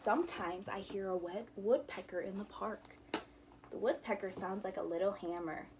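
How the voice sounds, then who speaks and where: A woman's voice: medium pitch, moderate pace. Woman teacher reading aloud to young kids, playful with the sound words, mid-range voice, slight background noise. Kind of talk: storybook read-aloud with sound effects.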